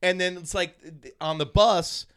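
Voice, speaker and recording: A man's voice: sits high, fairly even intonation, a little slow, a bit bright, clean tone. A man in his thirties telling jokey, profane stories in a casual podcast chat. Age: 30s. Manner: joking, profane storyteller.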